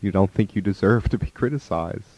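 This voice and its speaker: Male speaker, lowish voice, casual spiritual-teacher talk, acts out quotes. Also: brisk, a little mellow, slightly rough, dull audio. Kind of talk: spoken talk on relationships.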